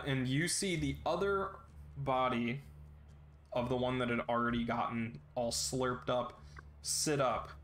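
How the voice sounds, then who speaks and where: A man narrating a tabletop game as game master, relaxed and with many fillers. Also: medium pitch, a little hiss or hum.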